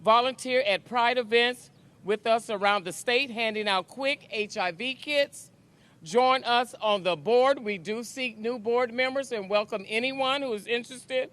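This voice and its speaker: A man's voice: very high voice, a little slow, fairly bright tone. A man representing a nonprofit, steadily listing calls to action in a short announcement. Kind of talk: read-out announcement speech.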